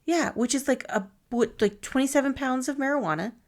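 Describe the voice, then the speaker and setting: A woman's voice: sits high, fairly quick. A woman co-hosting a podcast in casual chat, talkative, teasing and skeptical. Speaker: podcast co-host.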